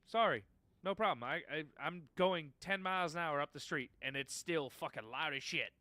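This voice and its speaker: A man telling a story in casual gaming chat, animated and swearing freely. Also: a little high, moderate pace, no room sound.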